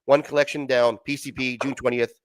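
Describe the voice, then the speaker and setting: A man co-hosting a casual comic book stream, loose and excitable, swearing freely as he shows off issues over a video call. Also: medium pitch, a little fast. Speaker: co-host showing comic books.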